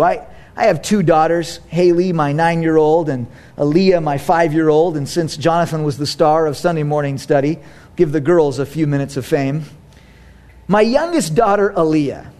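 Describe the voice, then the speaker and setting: A male pastor in his thirties preaching a sermon in a church, telling stories with humor and speaking straight to his congregation. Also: on the high side. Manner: animated, humorous storytelling, direct to congregation.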